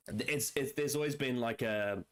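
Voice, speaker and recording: A man's voice: mid-range voice, vocal fry. A man co-hosting a podcast, talking in a loose, rambling way with many restarts as he picks apart a story. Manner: rambling, restarts a lot, analytical. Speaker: podcast co-host. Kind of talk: casual chat.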